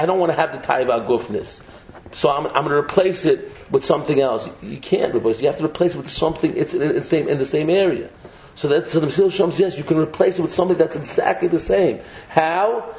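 A man giving a lively Torah lecture, joking and mixing Hebrew terms into English. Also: on the high side. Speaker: rabbi giving a Torah class. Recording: echoey room, slightly dull sound, faint noise.

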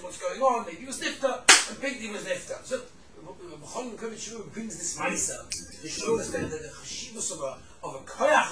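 A man giving a Torah class to a room of listeners, telling stories with lively swings between loud emphasis and hushed tones. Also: sits high, roomy sound, recorded from a distance, noisy background. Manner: animated storyteller, drops to hushed tones for the sad parts.

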